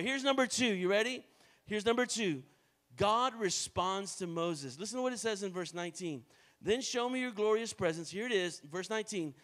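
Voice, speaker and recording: A high-voiced American man preaches a sermon to his church. He drops into soft, low stretches and then climbs to loud, rising exhortations, prompting the congregation to repeat after him and tossing off light jokes between points. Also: animated, a little fast. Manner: joking asides to the congregation. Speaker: pastor.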